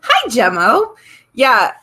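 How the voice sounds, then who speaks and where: A woman co-hosting a podcast, spinning animated stories with a dry, sarcastic edge and frequent giggles. Her voice is bright and pushed forward, pitched slightly high. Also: slow, breathy edge. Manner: animated storyteller, self-described sarcastic, giggly. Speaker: podcast co-host. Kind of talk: casual podcast chat.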